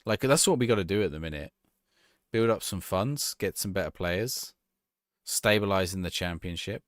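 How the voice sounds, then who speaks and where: A man's voice: sits low, moderate pace, no echo, studio quality. A man streaming a football management game, chatting casually and answering viewers' questions as he plays. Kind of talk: live-stream gameplay chat.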